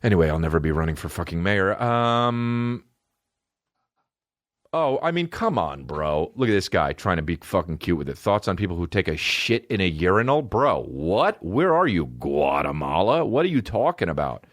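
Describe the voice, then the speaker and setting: Deep-voiced, animated, profane male podcast host. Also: normal speed, dry recording, clean studio sound. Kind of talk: solo comedic podcast riffing.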